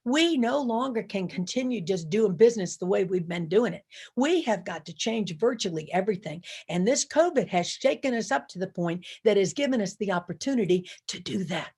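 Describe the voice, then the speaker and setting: A woman's voice: medium pitch, animated, fairly quick, a little mellow, slightly rough. A woman giving a keynote speech to a live audience. She speaks emphatically, repeats her key phrases and leads the crowd in chants. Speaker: motivational speaker.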